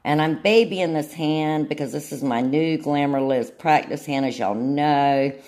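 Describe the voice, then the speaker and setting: Very low-voiced woman, chatty. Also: unhurried, darkish tone. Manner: chatty, keeps checking in with "okay?". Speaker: nail tutorial host. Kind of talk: casual demonstration tutorial.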